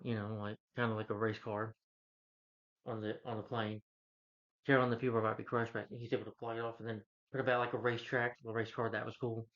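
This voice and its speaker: A man casually retelling a film's plot as a reviewer, rambling, with frequent restarts. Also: on the low side. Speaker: film reviewer. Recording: dull lo-fi recording.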